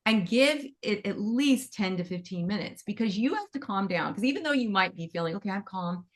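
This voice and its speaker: A woman teaching animal Reiki in a gentle, conversational way, wandering into asides as she talks. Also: medium pitch, animated, fairly quick. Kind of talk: casual teaching talk.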